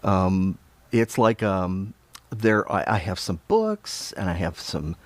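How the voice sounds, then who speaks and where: A man's voice: sits low, slow, no echo. Chatty man greeting viewers on a livestream. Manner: chatty, greets viewers warmly by name, chuckles often. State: a little out of breath. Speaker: livestream autograph-signing host. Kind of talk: casual livestream chat with viewers.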